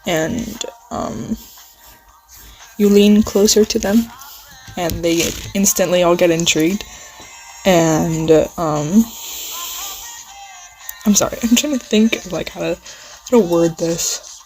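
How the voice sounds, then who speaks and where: A woman improvising a second-person listener role-play story in a rambling way, full of fillers, pauses and apologies. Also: lowish voice, warm tone, poor audio. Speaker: channel host. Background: faint music playing.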